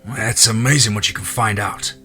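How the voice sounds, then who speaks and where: A cocky, wisecracking soldier who loves a joke, voiced by a male narrator. His low voice has a bright, forceful ring. He teases with a smart-aleck edge in this horror audiobook. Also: steady tone, moderate pace, faint music behind. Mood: joking. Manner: joking, teasing. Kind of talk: audiobook character voice.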